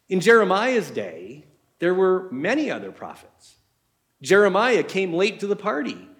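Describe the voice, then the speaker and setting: A man's voice: high voice, huge pitch swings, measured pace. A man preaching a sermon in a conversational way, asking his listeners many rhetorical questions.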